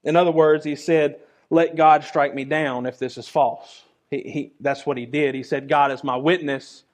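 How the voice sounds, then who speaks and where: A man preaches a sermon, his voice sitting a little higher than most men's. He talks to the congregation earnestly and conversationally and keeps circling back to the same phrases. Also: steady tone, moderate pace.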